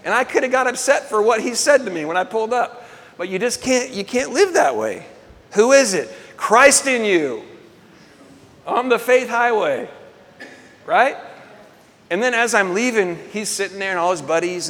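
Animated middle-aged preacher man, high voice. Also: normal speed, big-room sound. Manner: animated, acts out quoted voices. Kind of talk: storytelling sermon.

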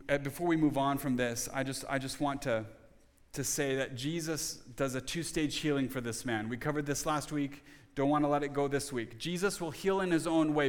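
A male pastor delivers a sermon in an earnest, conversational way, circling back and restarting phrases as he explains. His voice sits a little high for a man, and a long reverb trails each phrase in the room.

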